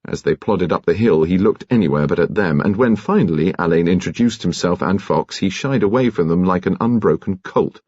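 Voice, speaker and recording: A man narrating an audiobook in a crisp, expressive, measured way. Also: sits low, no echo, lo-fi sound. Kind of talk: scripted narration.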